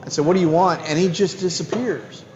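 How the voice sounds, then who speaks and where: Speaking from a bar lounge with crowd noise around him, a male host tells stories on his casual chat show. His voice sits high and runs a little fast, the highs are cut off, and he restarts often out of sheer enthusiasm.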